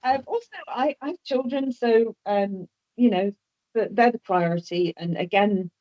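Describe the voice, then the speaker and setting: A woman with a fairly low, mellow voice tells a personal story as an interview guest. She is hesitant, often repeating or restarting her words, and the audio is dull and lo-fi.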